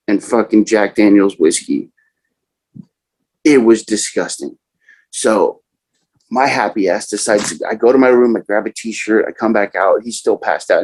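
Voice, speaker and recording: A young man casually telling a profane personal story, animated and acting out other people's lines. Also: on the low side, low-quality recording. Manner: profane, animated, quotes others in raised voices.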